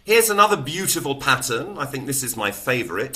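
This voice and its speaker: A man, a teacher trainer giving a lesson who explains calmly and then breaks into loud, rhythmic chants. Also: mid-range voice, brisk.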